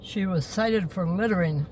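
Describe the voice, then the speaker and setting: A woman's voice: lowish voice, a little hiss or hum. A woman co-hosting a casual live stream outdoors on a beach jetty, playfully reading out jokes and quotes. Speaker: livestream co-host.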